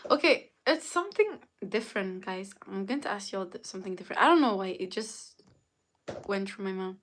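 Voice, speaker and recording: A young woman live-streaming, chatting casually with her viewers and greeting them by name in a drawn-out way. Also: medium pitch, lively intonation, fairly bright tone. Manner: drawn-out, greets and reads out chat names.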